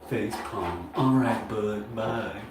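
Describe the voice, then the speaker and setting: A man's voice: fairly low pitch, takes it slowly. Sarcastic man in an echoey bathroom. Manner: sarcastic, teasing a commenter. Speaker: drywall remodeler. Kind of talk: casual work vlog chat. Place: bathroom under remodel at home. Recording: very echoey, distant mic with loud noise.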